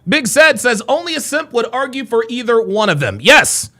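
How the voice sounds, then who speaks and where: A man hosting a live reaction stream, reading viewer comments aloud with loud, crude, mocking banter that swings between yelling and mumbling. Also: very high-pitched, very animated, moderate pace. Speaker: reaction show host.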